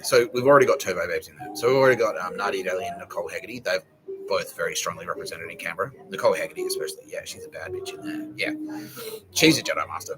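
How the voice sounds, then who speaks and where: A man's voice: sits low, very animated, fast, over music, rough recording. An Australian man hosting a podcast, rambling in a casual, sweary monologue full of slang and laughter. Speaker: podcast host.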